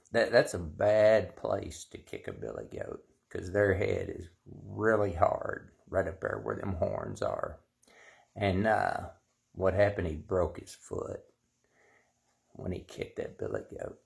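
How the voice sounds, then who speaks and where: Man, low and raspy, drawls out a folksy story at an unhurried pace. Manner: slow, drawling, rambling with many fillers. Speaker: storyteller, shop owner. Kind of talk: casual storytelling.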